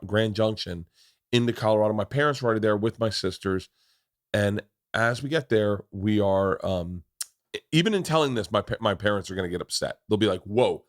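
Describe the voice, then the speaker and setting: Low-voiced loud profane male host. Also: expressive, fairly quick, dry recording, studio quality. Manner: loud, profane, laughing storyteller. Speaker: podcast host. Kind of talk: casual chat and storytelling.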